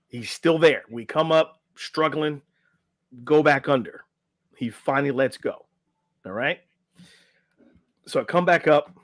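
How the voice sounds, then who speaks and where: A man's voice: fairly high pitch, dry recording, clean studio sound. A middle-aged man, a podcast guest and life coach, telling a story casually and acting out the quotes, often tagging lines with "right?".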